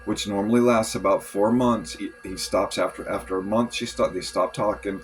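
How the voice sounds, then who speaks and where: Frustrated man ranting to camera, low pitch, halting restarts, light music underneath. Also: poor audio. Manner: frustrated, rambling, swearing, many restarts. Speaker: vlogger. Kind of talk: venting journal monologue.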